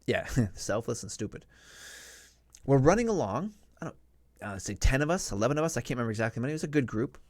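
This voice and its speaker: Animated middle-aged man telling a story. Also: medium pitch, fast talker, no room sound. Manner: animated storyteller, acts out shouted quotes in a raised voice. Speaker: live stream host. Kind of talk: casual storytelling to a live audience.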